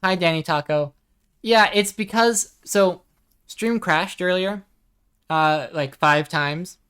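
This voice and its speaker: A woman streaming a game live, chatting casually and softly, reading chat messages aloud at a desk microphone. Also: on the low side, slow, smooth. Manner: chatty, soft-spoken, reads chat aloud.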